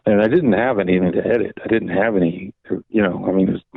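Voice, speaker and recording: An older man tells long, meandering stories as a podcast guest, looping back with "so anyway" and acting out the dialogue. His voice is low and gravelly. It comes through a dry, tinny, phone-like line. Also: steady tone, fast talker, no echo. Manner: rambling anecdotes, repeats "so anyway", acts out quoted dialogue. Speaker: guest, veteran comics editor. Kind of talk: casual interview storytelling.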